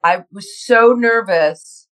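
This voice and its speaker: Middle-aged actress telling animated stories. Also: female voice, mid-range voice, takes it slowly, low-quality recording. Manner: animated storyteller, acting out her own inner voice, restarts and laughs. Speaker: guest actress. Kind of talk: casual interview chat.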